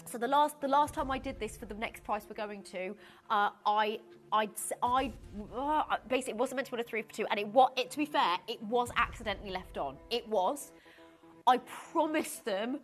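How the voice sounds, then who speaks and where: A woman hosting a live TV shopping show in a studio. Her high voice swoops up and down as she chats, giggles and frets. Faint music sits underneath. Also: a little fast. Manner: excitable, giggly, flustered, chatty. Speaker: shopping channel presenter. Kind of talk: live TV sales presenting.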